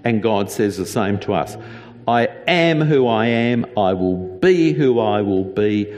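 A man preaching a sermon as a pastor, earnest and deliberate, with emphatic repetition. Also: on the low side, animated, darkish tone, long reverb tail.

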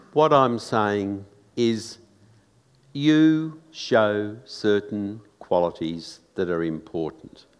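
A man's voice: on the low side, big-room sound. A man preaching a sermon in a church, earnest and conversational, full of rhetorical questions.

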